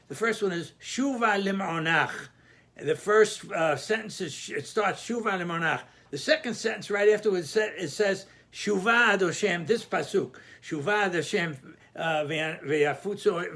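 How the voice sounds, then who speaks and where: Bright-voiced man teaching scripture grammar. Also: fairly high pitch. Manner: careful, repeats words and restarts while explaining. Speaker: Torah teacher. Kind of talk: explaining Hebrew grammar of scripture verses.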